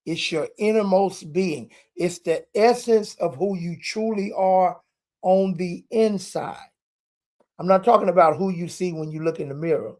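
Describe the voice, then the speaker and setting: A preacher and podcast host with a fairly high, darkish voice live-streams a sermon from a hotel room while traveling. He stretches key words for emphasis and drops folksy asides.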